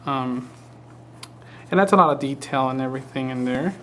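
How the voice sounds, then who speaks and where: A man's voice: mid-range voice, normal speed, slight background noise. Hesitant man demonstrating crafts. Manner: relaxed, hesitant, repeats words. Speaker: craft instructor. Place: studio.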